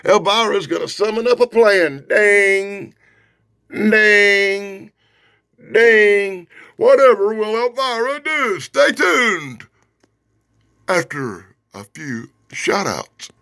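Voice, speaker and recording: Animated sarcastic man reviewing comics. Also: high-pitched, drawn-out words, no echo, studio quality. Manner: animated, sarcastic, swings from loud to mumbling. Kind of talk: casual comic book review.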